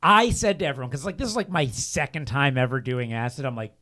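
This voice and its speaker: A young man casually telling a rambling story, full of fillers, laughs and quick asides. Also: medium pitch, very animated, sharp tone. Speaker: storyteller guest.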